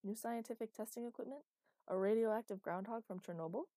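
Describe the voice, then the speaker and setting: A woman voicing a wry, gently teasing young man in an audiobook, with a mellow voice. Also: fairly high pitch, a little fast, no room sound, voice pushed up, lightly acted. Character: dry, teasing young man, patient partner.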